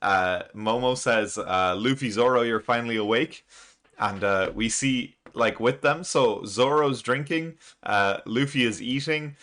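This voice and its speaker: A man's voice: mid-range voice, measured pace, a bit bright. A man casually recapping a comic chapter, rambling with lots of fillers and frequent chuckles. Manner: chuckles often, loose and rambling with many fillers. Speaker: manga reaction channel host.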